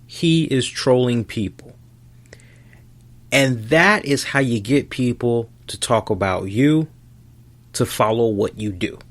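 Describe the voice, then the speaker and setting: A man's voice: mid-range voice, slow pace, pauses often. A man hosting a podcast, ranting in a casual, rambling way with lots of swearing. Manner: profane, rambling, animated. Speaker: podcast host.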